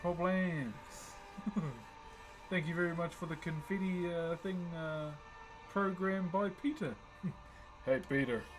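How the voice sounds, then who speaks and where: A laid-back young man with a New Zealand accent chats easily with his stream viewers, his voice sitting a little high. Faint music plays under him. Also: slow, poor audio. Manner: laid-back, greets chat viewers by name. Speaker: livestream host. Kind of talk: casual livestream chat while wood carving.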